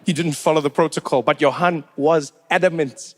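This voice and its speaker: A man's voice: a little high, moderate pace. A man from South Africa doing stand-up, telling stories and acting out the people in them. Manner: animated, acts out the people in his stories. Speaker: stand-up comedian. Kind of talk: stand-up storytelling.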